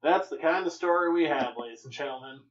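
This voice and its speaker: Wry young man, fairly high voice. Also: fast talker, highs cut off. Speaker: podcast co-host. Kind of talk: casual comics podcast chat.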